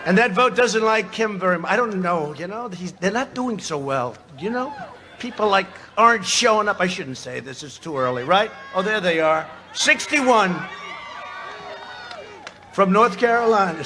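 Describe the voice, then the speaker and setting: Man, high voice, rally speech, boastful, mocking, rambling asides, roaring crowd behind. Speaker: political speaker at a rally. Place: outdoor campaign rally before a large crowd. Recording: loud cheering crowd behind the speaker. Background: crowd noise and cheering.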